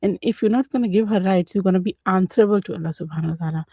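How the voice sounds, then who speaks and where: Soft husky woman co-hosting radio. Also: mid-range voice, rapid-fire, dry recording. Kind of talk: casual radio talk with advice. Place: radio studio.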